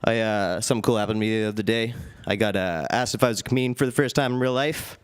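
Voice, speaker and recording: A young man doing a stand-up set with a dry, deadpan delivery on a comedy club stage. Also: on the low side, fast, clean tone.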